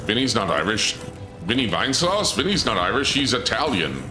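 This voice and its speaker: With music playing behind him, a man streams a game and chats casually to his viewers, rambling through a story and often trailing off and restarting sentences. His medium-pitched voice is very animated and fairly quick.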